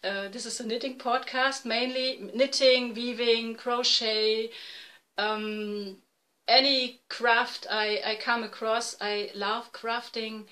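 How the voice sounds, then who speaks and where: German lady in her 40s chatting on her podcast, bright voice, stops and fixes her english a lot. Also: a little high, fairly even intonation, rough recording. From East Germany. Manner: halting, self-correcting non-native English. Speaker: podcast host. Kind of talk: casual video podcast chat. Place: home room, dim light.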